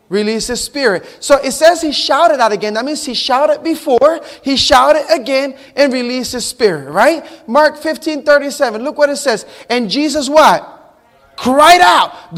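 A man in his forties preaching in a strikingly high voice. He is emphatic and keeps quizzing the congregation on the verses, building up to shouts. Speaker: pastor. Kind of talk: sermon. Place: church service.

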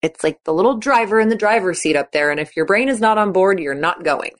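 A woman's voice: medium pitch, lively intonation, fast talker. A woman podcast host coaching athletes in a chatty, encouraging way, often acting out the thoughts she quotes. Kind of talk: casual coaching talk.

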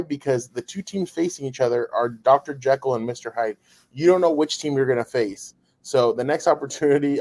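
A man's voice: medium pitch, a little mellow. A man hosting a sports show in a chatty, upbeat way. He rambles a little and restarts his sentences as he moves through the recap. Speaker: podcast co-host. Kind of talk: casual sports podcast chat.

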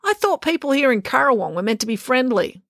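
A woman's voice: sits high, very animated, a little fast, fairly bright tone, no echo, clean studio sound, pitched above the performer's own voice, full character voice. A woman doing a precise, nerdy young boy. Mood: earnest. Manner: precise, formal. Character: earnest, nerdy young boy, overly formal. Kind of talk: audiobook character voice.

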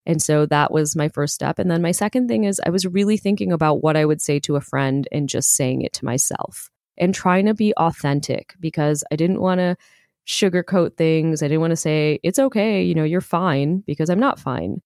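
Woman kinda low voice, earnest, laughs here and there, casual chat, dry close sound. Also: normal speed, a little mellow, no room sound. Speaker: guest sharing self-compassion techniques. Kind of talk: casual conversational explanation.

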